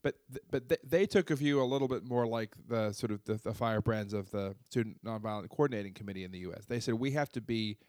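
A man's voice: lowish voice, darkish tone, no echo. A man answering as a guest, explaining history and often restarting his phrases. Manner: halting, repeats words at starts of phrases.

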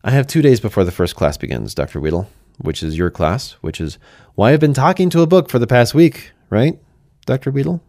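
A man's voice: medium pitch, lively intonation, brisk, darkish tone, no echo, studio quality. A man narrating a first-person fantasy story in a conversational way, speaking to the listener directly.

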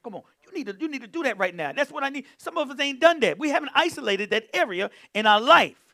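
A male pastor preaches with a high, ringing voice that leaps all over the scale. He is fervent, bursting into exclamations and hums between points, and keeps calling on his listeners to respond. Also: very animated, fast, pushed and bright. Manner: calls on the congregation to respond. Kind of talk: sermon.

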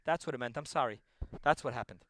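A middle-aged man giving a Torah lecture as a rabbi, telling stories and swinging between loud emphasis and hushed asides. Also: medium pitch, fast talker, no room sound.

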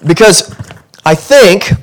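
A man preaching a sermon as pastor, talking conversationally and building to animated intensity. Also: sits high, very slow. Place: church sanctuary.

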